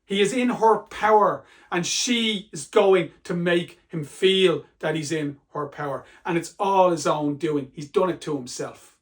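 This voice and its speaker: Male literature teacher, high voice, chatty and emphatic exam-prep delivery. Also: unhurried. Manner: conversational, emphatic, reads quotes aloud with feeling.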